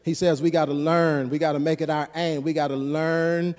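A man with a high voice preaches to his congregation, calling back to them and climbing into fervent exhortation. His words ring through a church sanctuary with a long, lingering reverb. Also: flat delivery, normal speed, a little mellow. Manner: call-and-response preaching, rising to fervent exhortation. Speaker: pastor. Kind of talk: sermon.

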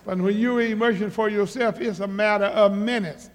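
A man's voice: high-pitched, fairly even intonation, brisk. Male pastor, repetitive and emphatic sermon delivery, live church auditorium with long reverb. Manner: emphatic, repeats himself, rises to loud exhortation.

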